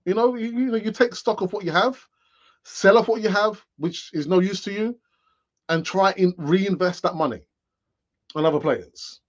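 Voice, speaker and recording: A man's voice: sits high, moderate pace, muffled recording. A man in his late fifties hosting a live-stream fan show, rambling in a chatty way with many fillers and restarts. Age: late 50s. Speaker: football fan channel host. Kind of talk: live-stream chat commentary.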